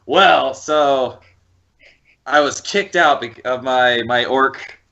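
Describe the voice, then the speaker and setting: A man's voice: medium pitch, slow pace, creaky, pushed and bright. A man playing a tabletop game, talking casually and rambling through his answers. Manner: rambling, chuckling. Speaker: player. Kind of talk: casual tabletop role-play. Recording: dull lo-fi audio.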